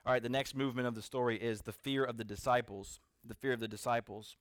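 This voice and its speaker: A man preaching a sermon to a seated congregation, earnest, building to emphatic peaks and then dropping soft. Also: medium pitch, steady tone, quick pace, no echo, clean studio sound. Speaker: pastor.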